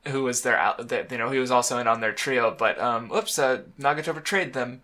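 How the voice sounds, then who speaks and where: A man co-hosting a casual podcast about comics. His voice is bright and forward, sitting at an average pitch. He rambles and restarts often and breaks into laughter as he talks. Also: fairly quick. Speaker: podcast co-host. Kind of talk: casual chat about manga.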